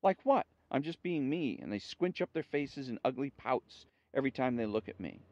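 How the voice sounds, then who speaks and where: A man reading aloud and voicing a fuming, vindictive old sun woman in a sharp, huffy way, on a dull dry recording. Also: medium pitch, animated, normal speed, dry recording, natural voice. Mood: bitter.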